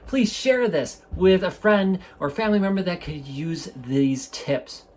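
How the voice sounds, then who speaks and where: This podcast host has a high, darkish voice with big pitch swings, keeping a measured pace with few pauses. Alone at a studio mic indoors, he chats enthusiastically, wandering off and interrupting himself to restart sentences.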